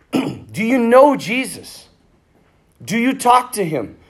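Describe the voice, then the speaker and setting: A middle-aged priest giving a conversational sermon, telling stories and acting out bits of dialogue. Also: male voice, very high-pitched, slow, slightly rough. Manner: conversational, animated, acts out quoted dialogue. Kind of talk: sermon with storytelling.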